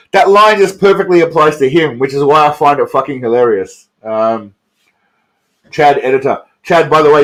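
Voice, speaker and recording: A tipsy man hosting a casual live stream, rambling, profane and repeating himself. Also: medium pitch.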